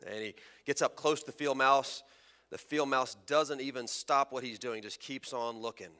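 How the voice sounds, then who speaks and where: A man's voice: mid-range voice, moderate pace, bright, forceful tone, clean tone. A man, a pastor who is unwell and fatigued, preaching a sermon in a conversational, self-deprecating way in a church. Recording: long hall reverb.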